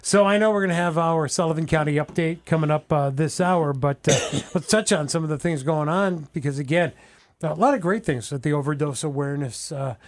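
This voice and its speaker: A man's voice: a little high, a little fast. A man hosting a morning radio show, bantering and teasing his guests with frequent laughs. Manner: teasing, jokey, laughs often.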